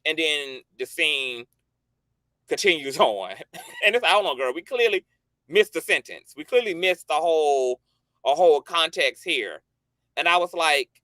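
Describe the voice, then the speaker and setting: A man's voice: a little high, no echo. A man hosting a commentary channel, reacting to a clip in an emphatic, rhetorical way and swearing freely. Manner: lively, rising and falling emphasis.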